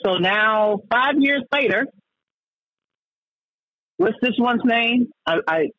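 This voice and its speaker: A radio talk host, a man with a high, husky voice, rants heatedly and trips over his own restarts. The broadcast sounds dull and lo-fi. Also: slow, no echo. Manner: heated and ranting, with many stammered restarts.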